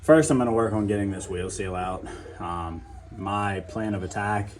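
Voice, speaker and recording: A man's voice: lowish voice, normal speed. A man giving a casual how-to while he works on a truck in a garage, talking loosely to viewers with lots of fillers. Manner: chatty, loose, addresses viewers as guys, many fillers. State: out of breath at times. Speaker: DIY mechanic. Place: home garage.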